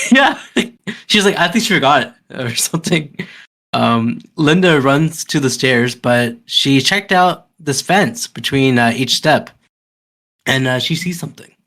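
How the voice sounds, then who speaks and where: A man's voice: mid-range voice, animated, slow, sharp tone. A man co-hosting a podcast, recapping a movie plot in loose, hesitant casual chat full of fillers. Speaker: podcast co-host.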